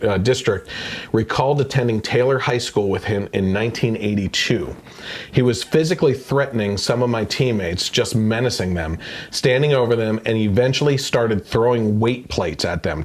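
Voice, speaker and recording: A man's voice: fairly low pitch, moderate pace. A man hosting a casual podcast, reading news excerpts aloud and commenting with indignation. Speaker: podcast host.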